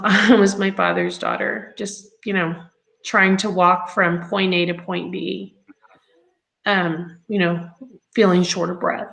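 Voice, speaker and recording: A grown woman telling her own story as an interview guest, chatty and halting with many ums and laughs along the way. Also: lowish voice, gravelly, fairly bright tone, low-quality recording. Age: adult.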